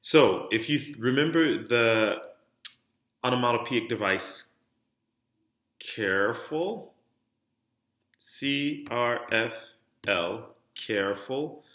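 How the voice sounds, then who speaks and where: Bright-voiced man teaching French diction. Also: mid-range voice, expressive, takes it slowly, pauses often, echoey room. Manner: clear demonstrative instructor, stresses word endings. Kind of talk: online lesson, modeling words for repetition.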